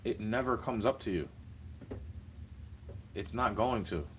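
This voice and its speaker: A man's voice: fairly low pitch, animated, unhurried, a bit bright, slight background noise, rough recording. A young man ranting in a casual vlog, slangy and heated, repeating himself as he vents.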